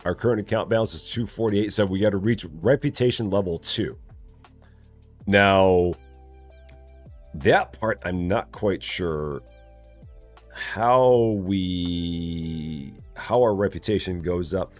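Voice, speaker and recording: A man's voice: deep voice, slow pace, pauses often, soft background music. A man streaming a game live, chatting casually, reading chat aloud and joking in a rambling way.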